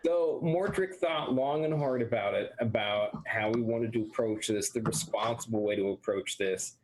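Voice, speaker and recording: A man's voice: medium pitch, normal speed. A man playing a tabletop game who laughs often and thinks aloud. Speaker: player.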